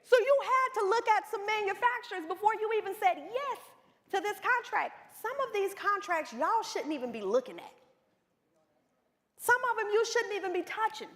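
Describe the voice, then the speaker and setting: A high-voiced woman coaching a live audience on business, her pitch leaping up and down as she tells stories and talks straight to the crowd. Her voice carries a long reverb from a large hall. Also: moderate pace. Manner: animated storytelling, addresses the room directly. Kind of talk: seminar talk to a live audience.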